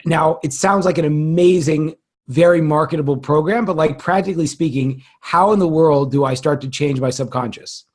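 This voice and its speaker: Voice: mid-range voice, normal speed, a little mellow. A podcast host asking blunt, curious questions in a casual interview.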